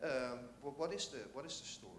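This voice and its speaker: A man's voice: medium pitch, fast talker, echoey room, a little hiss or hum. A man in the audience of a conference asking a question, rambling and joking. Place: lecture hall.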